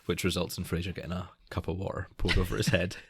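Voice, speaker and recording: A man co-hosting a casual podcast, rambling through his thoughts with many restarts and frequent laughter. His voice sits on the low side, and the recording is dry and close. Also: flat delivery, fast, breathy edge, dry recording. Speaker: podcast co-host. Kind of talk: casual chat.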